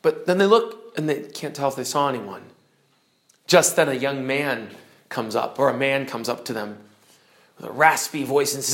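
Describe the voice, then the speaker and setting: A male teacher animatedly retelling a classic novel's story to his class, pausing to explain terms. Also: mid-range voice.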